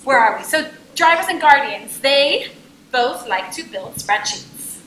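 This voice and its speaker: A young adult woman giving a lively, jokey business workshop talk to a conference audience and asking them questions. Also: high-pitched, a little slow, reverberant, slight background noise, rough recording. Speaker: conference speaker. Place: conference room.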